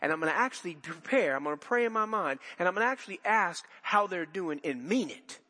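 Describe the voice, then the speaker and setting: Male pastor, conversational sermon full of asides and restarts, lifted pitch, echoing church. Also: expressive, quick pace, bright, forceful tone. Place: church sanctuary.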